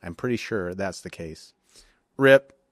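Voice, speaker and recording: A man's voice: low-pitched, lively intonation, measured pace, fairly bright tone, no echo, clean studio sound. A man, a podcast guest and jiu-jitsu coach, chatting casually in a loose, rambling, profane way. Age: adult with young kids. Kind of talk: casual chat.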